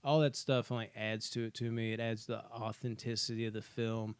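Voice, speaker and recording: A man's voice: fairly low pitch, fairly quick, clean tone, dry recording. A man co-hosting a casual movie podcast, talking animatedly and swearing freely as he ranks his favorite films. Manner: animated, swears freely, acts out scenes in put-on voices. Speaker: podcast co-host. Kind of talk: casual movie ranking chat.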